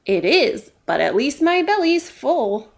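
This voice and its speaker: Bright chirpy bird voice, a woman putting it on, smug storybook woodpecker. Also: high voice, big pitch swings, takes it slowly, gravelly, pitched above the performer's own voice, full character voice. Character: cheerful show-off male woodpecker.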